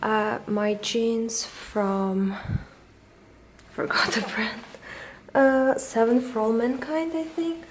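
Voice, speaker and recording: A young woman talks to her camera in a relaxed, chatty vlog manner. She takes her time over every phrase and drops in little laughs. The camera mic catches steady noise around her. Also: fairly high pitch, takes it slowly, pauses often. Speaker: vlogger. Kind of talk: casual vlog chat.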